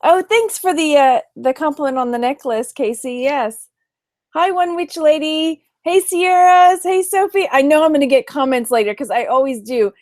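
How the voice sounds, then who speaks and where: A woman's voice: sits high, normal speed, darkish tone, dry recording, clean studio sound. A woman with a Texan accent chatting casually on a late-night live stream, tired and greeting viewers by name as she goes. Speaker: online reseller doing a live stream.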